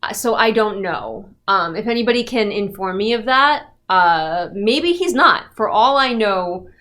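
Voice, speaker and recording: A woman's voice: medium pitch, lively intonation, measured pace, pushed and bright. A woman giving a casual, sarcastic and exasperated book review rant.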